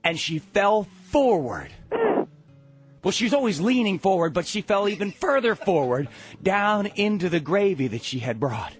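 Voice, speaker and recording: A man telling a comic family story in a theatrical way, swinging from loud to hushed. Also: high-pitched, very animated, moderate pace, breathy edge, faint music behind.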